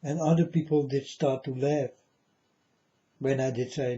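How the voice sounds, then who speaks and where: A man's voice: mid-range voice, steady tone, measured pace, mellow, lo-fi sound. A man talking straight to his viewers in a rambling, earnest monologue, calling them folks and insisting he is serious.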